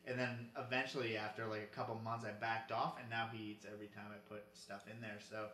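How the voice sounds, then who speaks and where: Casting: man with a bright, sharp tone, easygoing and hedging, recorded in an echoey room. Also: on the low side, fast talker. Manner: relaxed, hedging. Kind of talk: casual chat.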